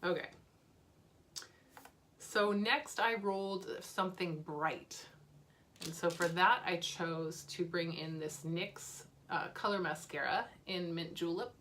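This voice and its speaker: A woman's voice: lowish voice, slow pace, fairly bright tone, a little hiss or hum. A woman beauty vlogger talking casually and candidly about makeup she is using up, with fillers and small laughs. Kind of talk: casual chat.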